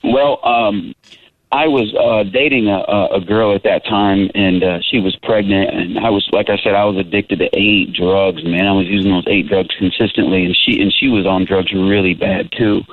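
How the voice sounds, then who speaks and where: A man's voice: low voice, fairly even intonation, moderate pace. Earnest man telling his story over a tinny line. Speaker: interview guest, Christian rapper. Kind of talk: testimony in casual interview. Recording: tinny phone-like line, dry.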